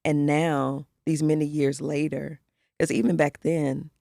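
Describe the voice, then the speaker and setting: A woman's voice: low voice, flat delivery, a little slow, creaky, warm tone, no room sound, studio quality. A middle-aged woman co-hosting a podcast, telling a personal story in candid casual conversation and acting out the voices of the people she quotes. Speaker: podcast co-host.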